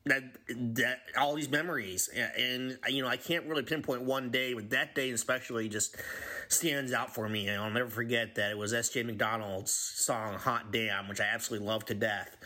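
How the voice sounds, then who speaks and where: A man in his forties giving an earnest, halting recorded message about a favorite memory as a longtime member of a music community. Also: medium pitch, steady tone, bright, forceful tone. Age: 40s.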